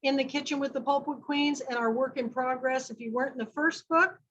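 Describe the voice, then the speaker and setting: A woman's voice: high voice, steady tone, brisk, fairly bright tone, muffled recording, a little hiss or hum. A woman from Kansas hosting an online book club, chatting and making rambling announcements over a video call.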